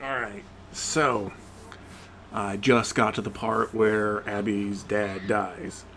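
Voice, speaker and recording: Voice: low-pitched, little pitch movement, slow pace, a bit bright, slight background noise. A gaming commentator in a profane, exasperated rant about a game, with frequent outbursts of rising disbelief.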